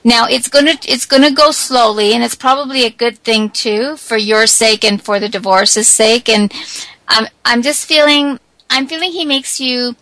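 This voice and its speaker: Woman psychic reading for a caller, bright highish voice, dry sound, repeats herself a lot. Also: steady tone, moderate pace, dry recording, rough recording. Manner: hesitant, repeats words, gentle. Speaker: psychic reader.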